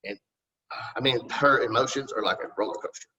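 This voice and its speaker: A man's voice: mid-range voice, fairly quick, pushed and bright. A middle-aged man, a city council candidate answering interview questions in a rambling, folksy and polite way. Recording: distant, muffled recording.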